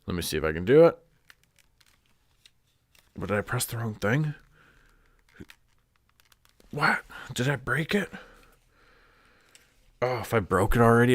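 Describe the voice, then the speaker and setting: A man's voice: mid-range voice, big pitch swings, measured pace, long pauses, no room sound. A man chatting casually on a live stream, congested and rambling with lots of "like" and restarts. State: stuffed up, congested.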